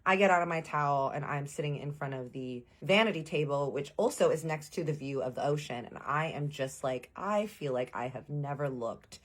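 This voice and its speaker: Low-voiced woman telling a story. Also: animated, moderate pace, hardly any pauses. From Texas. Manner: chatty, slangy, acts out dialogue. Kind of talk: casual storytime.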